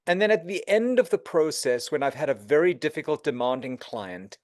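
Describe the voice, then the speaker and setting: A middle-aged man speaking as an interview guest, giving advice and acting out quoted exchanges. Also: fairly quick. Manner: animated, acts out quoted dialogue with shifts in pitch. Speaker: interview guest, real estate executive.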